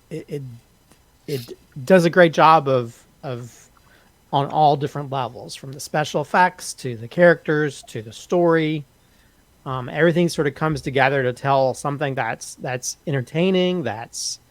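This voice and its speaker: A man reviewing a film on a casual podcast, openly moved and halting, with many restarts and repeated words. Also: a little high, fairly bright tone, no room sound. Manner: openly emotional, moved to tears.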